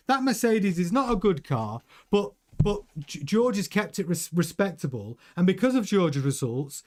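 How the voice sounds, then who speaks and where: A man's voice: high-pitched, a little mellow. A man hosting a live-streamed news show, chatting casually, reading viewer comments and often restarting his words. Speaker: host.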